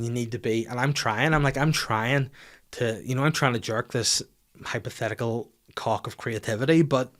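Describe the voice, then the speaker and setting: A man's voice: mid-range voice, fairly bright tone. A man hosting a podcast, telling crude, self-mocking stories in a rambling casual monologue full of restarts. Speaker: podcast host.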